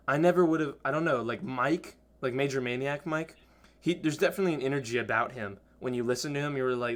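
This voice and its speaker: A young man hosting a podcast, telling stories in an animated, casual way and laughing often. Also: mid-range voice, brisk. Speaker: podcast host. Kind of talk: casual chat.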